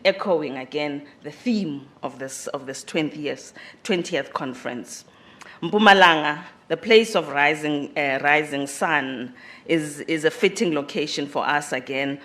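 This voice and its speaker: Halting conference speaker with a squeaky voice. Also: a bit bright. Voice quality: self-described squeaky voice. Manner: halting, with frequent fillers and repeated words; rises in pitch and volume on emphasized phrases. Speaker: conference host speaking for the organizers. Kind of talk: formal welcome address. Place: university conference hall.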